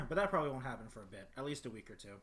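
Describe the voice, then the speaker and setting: Deep-voiced man rambling on stream. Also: big pitch swings, rapid-fire, fairly bright tone, faint music behind. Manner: rambling, clears throat often. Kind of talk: casual livestream chat. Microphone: desktop microphone.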